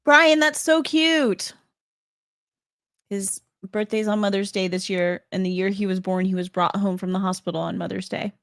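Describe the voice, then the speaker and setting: A woman's voice: mid-range voice, normal speed, a bit bright, dry recording, studio quality. A woman co-hosting a live trivia stream in casual chat, giggly and chatty, cheering players on. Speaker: livestream co-host.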